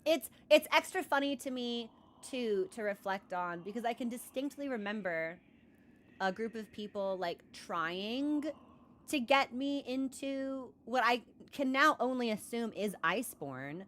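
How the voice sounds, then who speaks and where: Sitting at her computer desk, a young woman talks to her stream viewers in an earnest, rambling way, full of restarts and "like"s. Her pitch is fairly high and a bit bright, and she sounds animated though a little slow.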